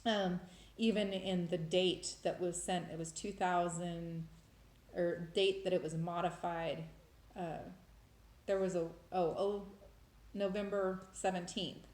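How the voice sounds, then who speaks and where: A woman's voice: fairly low pitch, fairly even intonation, takes it slowly, darkish tone. A woman telling a personal faith story in a casual, emotional, rambling way, with many restarts. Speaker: vlogger sharing faith experiences. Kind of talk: casual testimony monologue. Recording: roomy echo.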